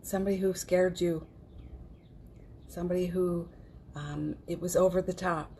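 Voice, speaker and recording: A woman hosting a livestream, leading a guided healing practice in a gentle voice that repeats phrases softly and often sinks to a near whisper, with casual encouraging asides. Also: fairly low pitch, fairly even intonation, normal speed, slight background noise. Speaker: host of a morning livestream.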